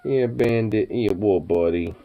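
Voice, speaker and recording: A man's voice: lowish voice, measured pace, narrow, tinny audio. A young man chatting late at night to his pets, stoned and sleepy, cooing baby talk, swearing, laughing often. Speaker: vlogger.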